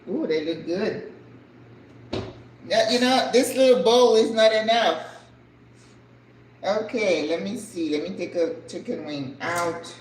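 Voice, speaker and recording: Older woman, cooking chat, unhurried, roomy kitchen echo. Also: lowish voice, slight background noise. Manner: chatty, excitable, exclaiming over food. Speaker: cooking vlog host.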